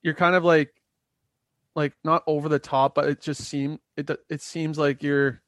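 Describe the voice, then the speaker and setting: A young man co-hosting a podcast who rambles in a casual way, full of "like" and quick laughs. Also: fairly high pitch, flat delivery, a bit bright, no room sound, studio quality. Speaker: podcast co-host. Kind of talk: casual chat.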